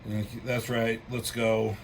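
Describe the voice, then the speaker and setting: A man's voice: fairly low pitch, flat delivery, a little slow, slight background noise, rough recording. Chatty man reviewing comics, swearing freely. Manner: chatty, swears freely, acts out character lines in a raised voice. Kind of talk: casual chat.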